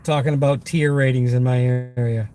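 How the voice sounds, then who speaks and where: A man's voice: medium pitch, steady tone, moderate pace. A man with a Boston accent chatting upbeat with his viewers while driving for a food delivery job, in a car with the window cracked. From Massachusetts. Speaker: food delivery driver livestreaming. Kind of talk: casual live-stream chat while driving. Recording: loud wind and road noise in car. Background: traffic and wind through open window.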